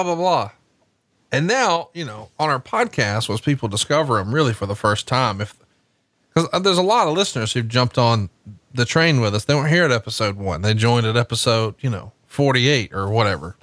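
A man hosting a podcast, chatting casually and telling animated stories while watching a wrestling match. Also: mid-range voice, no echo. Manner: animated storytelling, swears casually. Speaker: podcast host.

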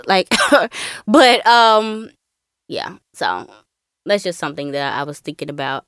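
A woman co-hosting a casual podcast, her pitch swinging widely as she talks. She is recorded close and dry, with no room sound. She often slips into mocking impressions of other people. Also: takes it slowly, clean tone, dry recording. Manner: animated, mimics voices with laughs. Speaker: podcast co-host.

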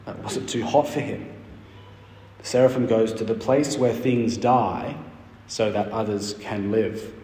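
A man preaching an expository sermon, emphatic, with dramatic pauses. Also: lowish voice, steady tone, warm tone, slight background noise. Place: church hall. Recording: roomy church hall reverb.

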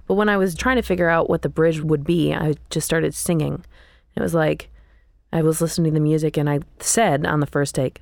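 A young woman songwriter talking casually in an interview, animated and candid. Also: sits low, a little fast, gravelly, dry recording, studio quality. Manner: animated, sings snippets of lyrics mid-sentence. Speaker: songwriter guest.

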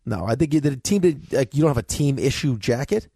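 A man co-hosting a casual chat, firing off quick teasing remarks. His voice is husky and his pitch moves a lot. The sound is dry and close to the mic. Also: expressive, mellow, no room sound. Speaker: co-host.

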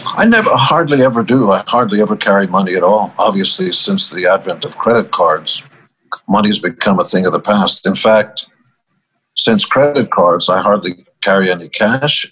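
A man's voice: fairly low pitch, a bit bright, breathy edge, rough recording. An older man, a musician guest in an interview, telling stories in a wry, easygoing way and laughing at his own punchlines. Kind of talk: storytelling interview talk.

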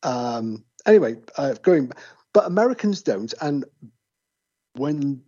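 With big swings in pitch, a mellow medium-pitched voice and a slow delivery, an English-accented man from England rambles through jokey stories in casual conversation. The audio is muffled and lo-fi.

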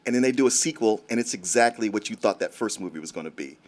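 A man's voice: fairly low pitch, expressive, quick pace. A man in a casual movie chat who talks in an easygoing, reflective way.

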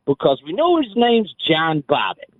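A man's voice: fairly high pitch, wildly swooping pitch, normal speed, dry recording. A man calling in to a sports radio show, trash-talking and mocking in a sing-song way. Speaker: caller. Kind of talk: trash-talking call-in banter. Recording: dry tinny phone line.

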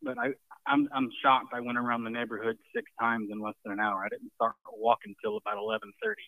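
A man's voice: medium pitch, sing-song, quick pace, vocal fry, sharp tone, no echo. A man calling in to a sports talk show, out of breath, giving an emphatic and repetitive opinion. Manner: emphatic, preachy, repeats himself. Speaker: caller. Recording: phone line.

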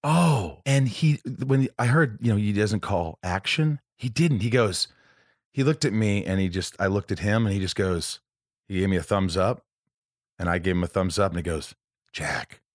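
A man hosting a casual podcast who talks in chatty, rambling anecdotes. His voice sits a little low and sounds dry and close, with no room around it. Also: moderate pace, no echo. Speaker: podcast host.

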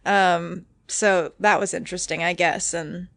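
A woman guest chatting casually on a podcast, relaxed and trailing off as she talks. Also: on the low side, a little slow, vocal fry, no echo. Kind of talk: casual chat.

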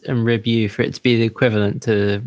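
A man's voice: on the low side, flat delivery, fast talker. A man chatting casually on a stream, rambling with many likes and restarts. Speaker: co-host. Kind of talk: casual chat on a live stream.

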